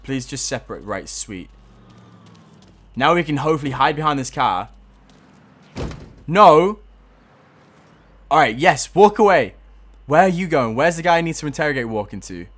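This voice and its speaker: A man's voice: mid-range voice, expressive, a little fast, a bit bright. A young man giving casual gameplay commentary, frustrated, swearing a lot and laughing at himself.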